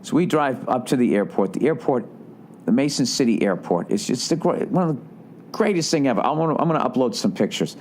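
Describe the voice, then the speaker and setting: A man's voice: medium pitch, lively intonation, brisk, a little mellow, slight background noise. A man hosting a podcast, telling a story in an exasperated, sarcastic rant full of swearing. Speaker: podcast host. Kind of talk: profane ranting storytelling.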